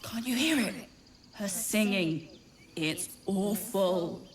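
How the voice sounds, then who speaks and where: A woman's voice: mid-range voice, animated, takes it slowly, slight background noise. A woman voicing a small, distressed squirrel who pleads in pain. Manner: pained, pleading.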